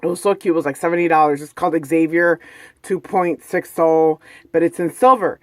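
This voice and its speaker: A woman's voice: deep voice, steady tone, fairly quick, darkish tone, dry recording, studio quality. A woman vlogging from home, telling a personal story in a chatty, rambling way full of "like" and "you know". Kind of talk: casual personal storytelling vlog. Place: at home, indoors.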